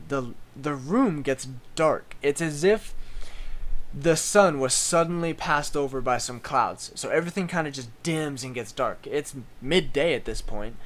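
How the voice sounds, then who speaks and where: A man, the game master, casually recapping a tabletop campaign with lots of ums. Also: mid-range voice. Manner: relaxed, filler-laden storytelling.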